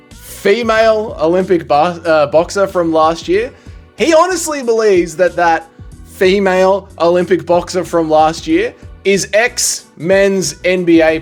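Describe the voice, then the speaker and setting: A man giving a casual comedic monologue, joking and rambling with slangy asides. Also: high voice. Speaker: tier-list commentator.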